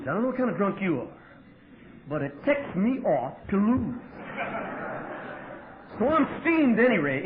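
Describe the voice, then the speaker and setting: A man telling his story at a recovery meeting, wry and profane, with sudden loud outbursts. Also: sits high. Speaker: AA meeting speaker. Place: meeting hall with audience. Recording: tinny lo-fi 1988 tape with faint hiss.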